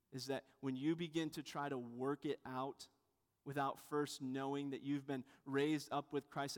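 Man, pastor, high-pitched, sermon, conversational storytelling, restarts sentences, long hall reverb. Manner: conversational, with frequent restarts and asides.

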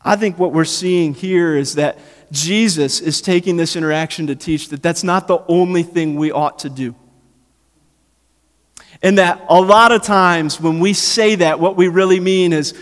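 A man preaching a sermon in a conversational, animated way. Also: on the high side, normal speed. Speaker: pastor. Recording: long hall reverb.

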